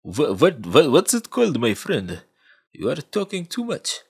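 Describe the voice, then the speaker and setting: A man's voice: medium pitch, wildly swooping pitch, breathy edge, voice pushed up, full character voice. Man doing a Russian male crook, thick accent, stiff broken speech, slightly raised voice. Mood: calm. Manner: measured, stiff broken phrasing.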